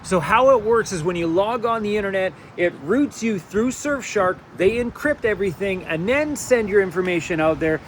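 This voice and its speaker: Upbeat high-voiced man vlogging. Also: normal speed, hardly any pauses, slight background noise. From Canada. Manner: upbeat, jokey, energetic. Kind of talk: casual vlog chat.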